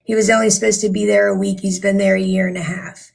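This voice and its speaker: A woman's voice: medium pitch, flat delivery, quick pace, gravelly. A woman speaking as a guest on a livestream, telling a story at length in an indignant, rambling way with many ums. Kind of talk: casual livestream talk.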